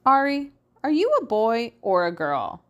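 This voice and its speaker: A woman's voice: fairly high pitch, big pitch swings, measured pace, fairly bright tone, clean tone, voice pushed up. A woman voicing a curious young schoolboy who keeps asking puzzled questions in a storybook reading.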